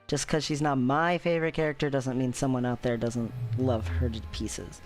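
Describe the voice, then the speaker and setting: A man's voice: mid-range voice, little pitch movement, moderate pace, soft background music. A man chatting casually over his own game playthrough, wry and offhand. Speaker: gamer, channel host. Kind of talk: casual let's-play commentary.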